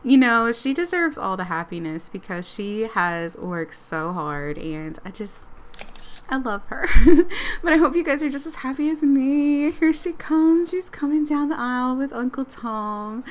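A woman casually narrating her life-sim game play, excited and giggly. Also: sits high, normal speed. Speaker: let's play creator.

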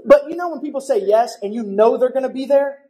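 A young man preaching a church sermon, telling a story in a lively, casual way and acting out the voices of people in it. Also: extremely high pitch, fast. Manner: animated storytelling with acted-out voices. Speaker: pastor.

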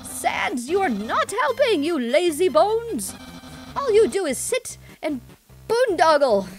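A woman voicing a loud, grandiose, eager male skeleton from a video game, reading his lines aloud. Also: very high voice, sing-song, slow pace, soft background music, voice pushed up, heavily acted. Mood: boastful.

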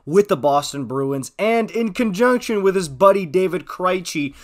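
A man's voice: sits high, lively intonation, normal speed. A man giving casual, chatty hockey news commentary, talking straight to his viewers.

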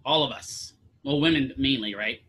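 A man's voice: mid-range voice, normal speed, bright, forceful tone. A man teaching a physical therapy class, lecturing casually, quizzing students and throwing in jokes. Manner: asks students questions, casual joking asides.

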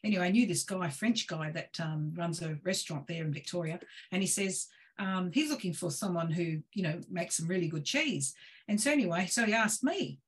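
Husky woman telling stories. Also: on the low side, brisk. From Australia. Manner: lively, laughing, gestures while cooking talk. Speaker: guest presenter. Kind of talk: animated storytelling on a video call.

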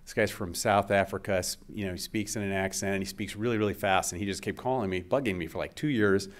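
Low-voiced man giving a relaxed seminar talk. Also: fast talker. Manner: conversational, frequent uh and um fillers. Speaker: invited scientist speaker.

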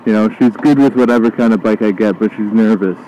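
A young man chatting excitedly while riding a motorcycle, casual motovlog commentary with joking asides, recorded on a helmet mic. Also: on the low side, fast talker. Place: outdoors riding a motorcycle on streets. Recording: loud wind and engine noise. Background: motorcycle engine and traffic.

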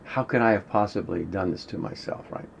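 A man talking casually and rambling as he teaches a spiritual technique, clearing his throat often and swearing now and then. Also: sits low, fairly quick. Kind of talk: casual instructional monologue. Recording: dull lo-fi recording with faint noise.

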